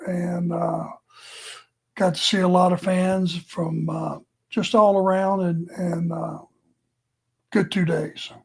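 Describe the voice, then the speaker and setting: Older Southern male co-host, easygoing and unhurried, plain conversational delivery. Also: high-pitched, level tone, creaky, slightly rough. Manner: laid-back, plainspoken, unhurried. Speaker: retired wrestler, co-host. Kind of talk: casual podcast chat.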